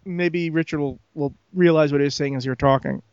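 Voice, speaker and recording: A man's voice: fairly high pitch, fairly even intonation, fairly quick, a little mellow, clean tone, no echo, muffled recording. A man hosting a casual gaming podcast who keeps joking, teasing his co-hosts and laughing. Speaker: podcast host.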